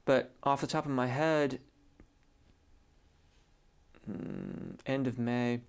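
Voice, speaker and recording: A man, a singing teacher, answers viewers' questions in a relaxed live stream, thinking aloud with many fillers. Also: medium pitch, a little slow, gravelly, clean tone. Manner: reads viewer comments aloud and answers them. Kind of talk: casual live-stream chat.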